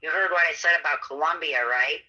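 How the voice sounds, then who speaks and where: Man, co-host on a call, casual chat, high voice, very bright and sharp. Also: fast talker, husky, lo-fi sound.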